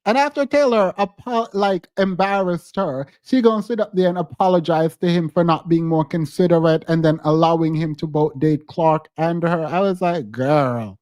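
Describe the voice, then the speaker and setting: A man's voice: on the high side, steady tone, normal speed, hardly any pauses, a little mellow, no echo. A man hosting a podcast, giving casual, emphatic reality-TV commentary and laughing often. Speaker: podcast host.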